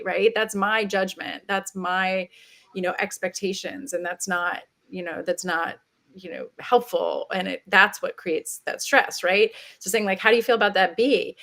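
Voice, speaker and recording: A woman's voice: medium pitch, fairly even intonation, normal speed, a bit bright. A woman speaking on a webinar panel in a chatty way, often repeating words and acting out quoted dialogue. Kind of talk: casual webinar discussion.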